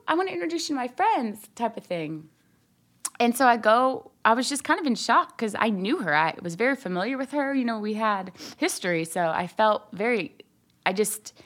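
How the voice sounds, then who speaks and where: Young woman telling her faith story. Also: mid-range voice. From Ohio, USA. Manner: animated retelling, voices others' quotes, frequent fillers. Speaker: guest. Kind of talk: personal testimony storytelling.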